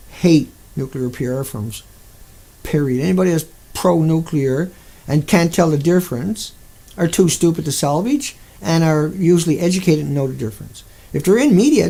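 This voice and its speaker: A man's voice: on the high side, creaky, mellow, slightly rough. A man delivering an angry, profane rant to his viewers, hurling insults. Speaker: video blogger.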